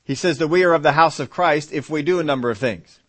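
A man preaching a sermon, reading scripture aloud and explaining it with slow, emphatic repetition. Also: a little high.

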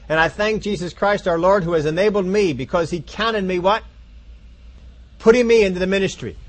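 Male preacher, fairly high voice, emphatic and repetitive, sermon delivery. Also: a bit bright. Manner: emphatic, repetitive declarations addressing the congregation.

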